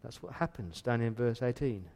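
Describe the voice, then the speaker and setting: A man's voice: mid-range voice, lively intonation, normal speed, creaky, a little mellow. A male pastor preaching an earnest, emphatic sermon in a church, often repeating words as he builds his point.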